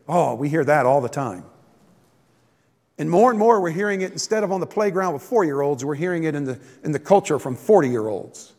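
High-voiced pastor preaching in an echoey hall. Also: male voice, expressive, moderate pace. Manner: folksy preaching, acts out complaining voices, jokes. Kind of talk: sermon.

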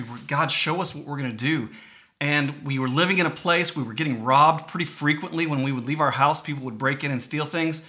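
A man's voice: on the high side, bright, forceful tone. A man preaching a sermon to his church, earnest and emphatic, reading scripture and asking the congregation questions. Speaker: pastor.

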